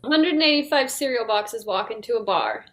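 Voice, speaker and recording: A woman improv player telling a quick playful joke in an online match. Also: fairly high pitch, animated.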